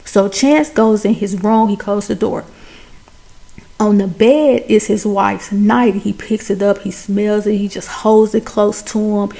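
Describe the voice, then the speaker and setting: A woman's voice: medium pitch, fairly even intonation, measured pace, gravelly, dark tone. A woman giving a chatty, colloquial recap of a film, retelling scenes with drama. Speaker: film reviewer.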